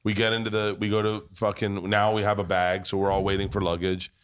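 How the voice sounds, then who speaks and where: A man's voice: fairly low pitch, completely flat delivery, brisk, clean tone. A man hosting a podcast, telling rambling, profane anecdotes in casual chat at a pub. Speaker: podcast host.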